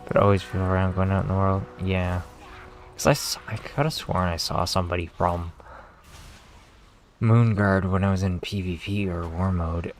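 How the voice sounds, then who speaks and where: A young man with a Canadian accent talks in a slightly low voice during a casual game stream. He rambles from thought to thought, swears freely and pokes fun at himself. Soft music plays faintly behind him. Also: little pitch movement, normal speed. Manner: rambling, profane, self-mocking.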